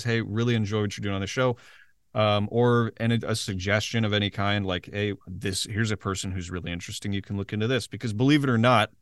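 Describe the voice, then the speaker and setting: A man's voice: fairly low pitch, no room sound, studio quality. A man co-hosting a podcast in casual chat, joking and poking fun at himself. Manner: joking, self-mocking. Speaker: podcast co-host.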